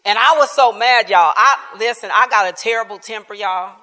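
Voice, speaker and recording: A woman's voice: mid-range voice, moderate pace, pushed and bright. A woman giving a casual personal testimony at a church bible class, colloquial and laughing often. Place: church hall. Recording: reverberant church hall.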